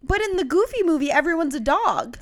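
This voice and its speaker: A young woman co-hosting a casual podcast, trading animated, teasing banter. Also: very high voice, brisk. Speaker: podcast co-host. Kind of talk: casual chat.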